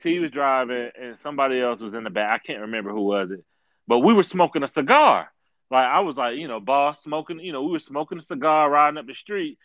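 A man's voice: mid-range voice, a little fast, dry recording, dull audio. A man in casual chat, telling stories with lots of laughter and repeated slang. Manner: animated storyteller, says "dog" often, laughs while telling.

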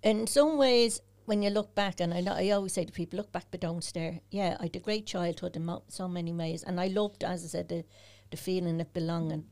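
A woman's voice: fairly low pitch, fairly even intonation, fairly quick, a little mellow. An older Dublin woman, a podcast guest, speaking frankly and telling her stories with animation. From Ireland. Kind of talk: casual podcast conversation.

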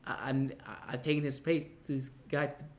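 A young man telling a casual anecdote, rambling and halting with many restarts and fillers. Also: medium pitch, steady tone. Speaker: storyteller.

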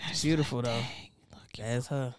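A woman's voice: rumbling low, normal speed, no echo, studio quality. A woman co-hosting a podcast in casual chat, telling stories animatedly and quoting people in put-on voices. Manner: animated storytelling, quotes people in put-on voices, laughs often. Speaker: podcast co-host.

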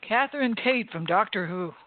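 A woman co-hosting a casual podcast, chatty and quick to chime in and correct. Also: medium pitch, expressive, no room sound. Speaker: co-host. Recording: dry, tinny phone-line sound.

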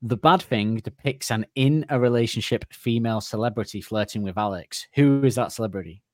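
Guy running a pub-style quiz on a podcast, lowish voice, dry close mic, joking around. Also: brisk, no room sound. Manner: teasing, laughing, reads questions aloud. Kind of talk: casual quiz chat.

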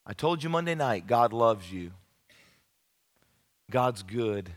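A man preaching at a youth camp, telling a funny story from his childhood with lively, folksy emphasis. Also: medium pitch, slow. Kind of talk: evangelistic sermon with humorous storytelling. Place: large camp meeting room. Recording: long hall reverb.

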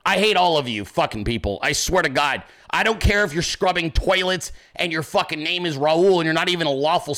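A man's voice: high voice, bright, forceful tone. A man hosting a political commentary show, ranting angrily and sarcastically with constant profanity.

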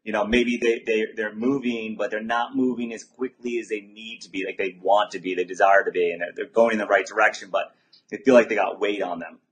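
A man's voice: on the low side, steady tone, a little fast, fairly bright tone, rough recording. A male podcast host asking questions in a casual, rambling way, often repeating words as he searches for what to say. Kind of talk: casual interview chat.

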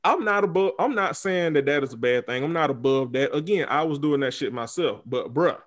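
A man's voice: a little high, lively intonation, fairly quick. A man hosting a podcast, speaking in a heated, profane, repetitive casual rant. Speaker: podcast host. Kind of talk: casual chat.

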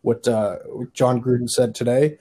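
Mellow-voiced man trading sarcastic jabs. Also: mid-range voice, flat delivery, normal speed. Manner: teasing, dry sarcastic jabs. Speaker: fantasy league co-host. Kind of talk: casual podcast banter.

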